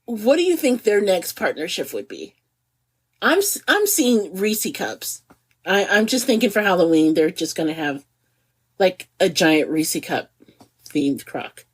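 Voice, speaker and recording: A middle-aged woman co-hosting a podcast in casual chat, animated and giggly, stretching words for emphasis. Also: lowish voice, a little slow, slightly rough. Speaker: podcast co-host.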